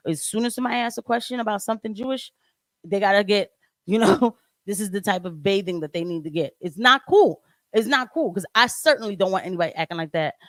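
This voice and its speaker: A woman's voice: medium pitch, no room sound. A woman vlogger telling a story in a casual rant, laughing often and acting out what people said. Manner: animated retelling that acts out quoted voices, laughing often.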